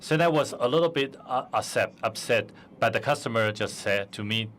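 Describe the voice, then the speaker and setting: A man's voice: medium pitch, moderate pace, few pauses, a bit bright. A man telling a personal anecdote on a conference stage, hesitant with many fillers, into a stage microphone. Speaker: forum speaker.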